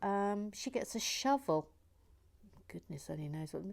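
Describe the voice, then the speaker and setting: A woman hosting a relaxing build video, chatting softly through viewer comments, often dropping to a near whisper, with playful, gently silly asides. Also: medium pitch, expressive, a little slow, creaky, long pauses. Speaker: host of a relaxing build channel.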